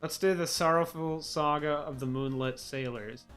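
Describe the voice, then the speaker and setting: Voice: mid-range voice, steady tone, moderate pace, fairly bright tone, faint music behind. A co-host casually chatting over a horror game, laughing a lot and swearing. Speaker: let's play co-host.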